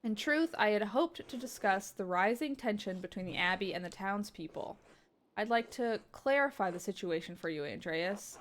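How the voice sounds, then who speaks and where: A woman voicing a stern, sanctimonious older male abbot in a formal, measured reading. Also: medium pitch, expressive, fairly bright tone, close to an everyday voice. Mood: stiffly formal.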